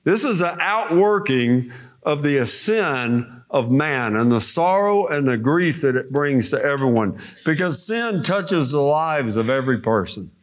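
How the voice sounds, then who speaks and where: A man preaching a sermon, explaining scripture slowly and deliberately and reading verses aloud. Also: fairly high pitch, lively intonation.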